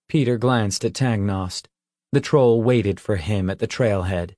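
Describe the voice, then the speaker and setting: A man reading a fantasy novel aloud as an audiobook narrator, with measured storytelling. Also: fairly low pitch, dark tone, no room sound, studio quality. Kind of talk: scripted narration.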